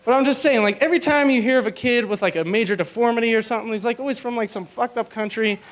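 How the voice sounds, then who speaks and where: High-voiced young male stand-up comic. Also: quick pace. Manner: crude, rambling storytelling with many fillers. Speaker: stand-up comedian. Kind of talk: stand-up comedy set. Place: small comedy club stage.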